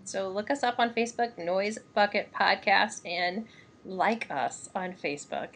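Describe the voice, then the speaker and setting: In her thirties and from Missouri, USA, this woman co-hosts a podcast with a medium-pitched, slightly bright voice at a measured pace. The chat is casual, and she giggles and rambles with lots of fillers.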